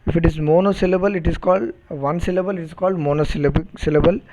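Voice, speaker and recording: A man teaching a phonetics lesson, repeating words and spelling them out deliberately, and checking understanding with questions. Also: fairly high pitch, steady tone, mellow, rough recording. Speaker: English teacher. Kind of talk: recorded phonetics lecture.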